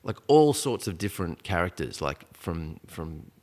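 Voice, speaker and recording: Podcast guest, male, around 40, deep voice, loose storyteller who keeps restarting. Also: very animated, normal speed, darkish tone. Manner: rambling, full of restarts and "like". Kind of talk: casual storytelling conversation.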